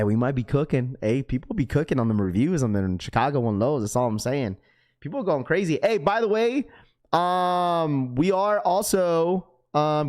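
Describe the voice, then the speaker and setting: A man with a raspy voice hosting a sneaker livestream, chatting casually in slang and reading chat messages aloud. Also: fairly high pitch, a little mellow. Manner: laid-back, slangy, full of fillers.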